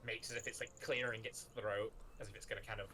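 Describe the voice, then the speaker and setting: A man narrating a tabletop game as game master, in an animated way and laughing often. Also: lowish voice, fast talker, slight background noise, poor audio.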